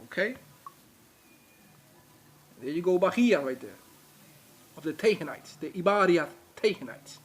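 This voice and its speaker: A man teaches in a slow, deliberate way, turning to his viewers again and again. His voice sits a little high. He repeats key words for emphasis. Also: lively intonation, slightly rough. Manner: emphatic, repetitive, addresses viewers directly. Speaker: religious teacher. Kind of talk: informal video lecture.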